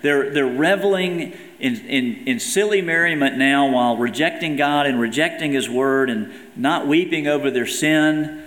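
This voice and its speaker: A man preaches a sermon in a church sanctuary, his earnest delivery lifting whenever he reads scripture aloud. His voice sits at a middle pitch for a man. The room around him is roomy, with a long reverb trailing each phrase. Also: fairly bright tone. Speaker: pastor. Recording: echoey hall with long reverb.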